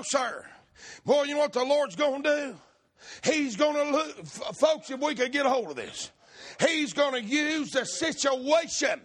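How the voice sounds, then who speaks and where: A man preaching a fervent, shouted sermon, with rhythmic repeated phrases that build up. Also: very high-pitched.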